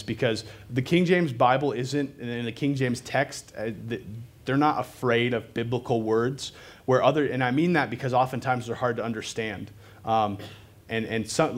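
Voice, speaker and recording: A man preaching a sermon to a live congregation in a loose, conversational way, with fillers and self-deprecating asides. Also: medium pitch.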